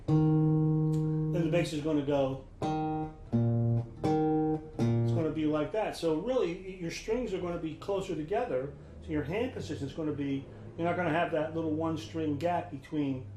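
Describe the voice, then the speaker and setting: A man giving a guitar lesson in a casual instructional way, relaxed and thinking aloud with restarts. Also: a little high. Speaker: guitar teacher. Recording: roomy sound with loud guitar. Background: guitar playing.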